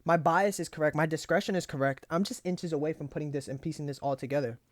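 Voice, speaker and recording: A trading journal host, this young man speaks at a quick pace in a fairly high voice, captured in clean studio sound without echo. As he casually walks through his trades, he swears freely, vents his frustration to himself, and pep-talks his way on.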